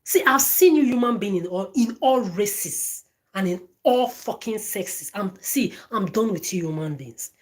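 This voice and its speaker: A woman's voice: mid-range voice, lively intonation, measured pace. A woman ranting straight at her phone camera, swearing often, stammering and repeating words and phrases. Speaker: vlogger. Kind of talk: angry direct-to-camera rant.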